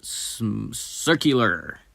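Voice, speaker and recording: A channel host giving casual commentary at a desk microphone while browsing, often mumbling half-words and fillers under the breath, then breaking into sudden loud excited outbursts. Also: mid-range voice, drawn-out words, vocal fry, breathy edge. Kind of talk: casual screen-recorded commentary.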